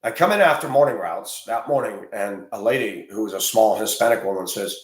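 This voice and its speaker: Recorded in an echoey room, a man who drives a school bus speaks fairly quickly in a lowish voice. His opinionated monologue is blunt and rambling, turning heated and loud.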